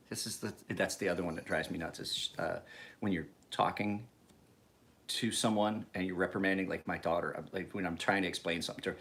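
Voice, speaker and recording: A man's voice: low voice, fairly quick, fairly bright tone. A man in his forties rambling casually to camera, swearing freely and chuckling as he tells stories. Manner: profane, chuckling, rambling storyteller. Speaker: knife sharpener vlogger.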